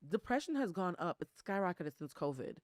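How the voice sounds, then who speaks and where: Fast-talking outspoken woman. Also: on the low side, sing-song, no room sound, clean studio sound. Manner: earnest and outspoken, with casual swearing. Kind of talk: candid conversational interview.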